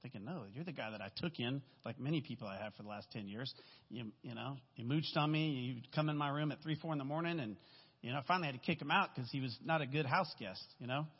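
A medium-pitched, slightly rough male voice moves fast as this guest speaker shares a candid, rambling testimony sermon in a church sanctuary. He checks in with "right?" again and again, and the dull recording has long hall reverb.

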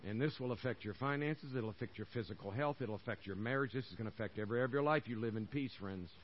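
A man's voice: medium pitch, very fast, lo-fi sound, a little hiss or hum. An older man preaching a sermon as pastor, folksy and conversational, hammering phrases over and over.

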